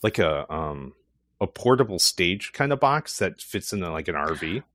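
A man's voice: sits low, big pitch swings, moderate pace, fairly bright tone, no echo. A man in easy conversation, his voice climbing and dipping as he jokes and riffs. He laughs often and keeps it playful. The sound is dry and close, with no room around it. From not California. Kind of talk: casual chat.

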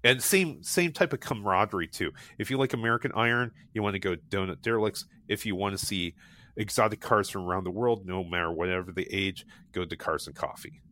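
A man with a deep, brisk, sharp-toned voice, recorded with no room sound, chats casually as a guest recommending local car meets. His conversational storytelling is enthusiastic and rambling, full of restarts and fillers.

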